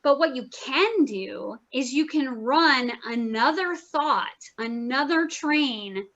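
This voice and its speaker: A woman's voice: high-pitched, bright, forceful tone. Woman, therapist lecturing, chatty, earnest, slightly muffled recording. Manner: chatty, earnest, uses filler words and repeats phrases. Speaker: therapist teaching a workshop. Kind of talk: informal lecture presentation.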